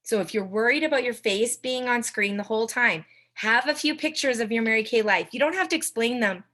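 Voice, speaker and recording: A young woman giving a chatty coaching talk to a sales team, with quick asides to her listeners. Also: on the high side, a bit bright. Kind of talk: casual training talk on a video call.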